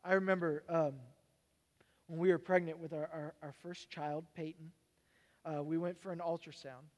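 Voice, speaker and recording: High-voiced man preaching in a reverberant hall. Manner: animated storytelling, dropping to quiet, halting personal reflection. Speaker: pastor. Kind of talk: sermon.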